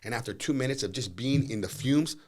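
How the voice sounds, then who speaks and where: Guest voice: quick, animated male storyteller, profane, does the voices of the people in his stories. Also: mid-range voice. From Southern California. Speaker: podcast guest, jiu-jitsu instructor. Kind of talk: casual storytelling. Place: podcast studio.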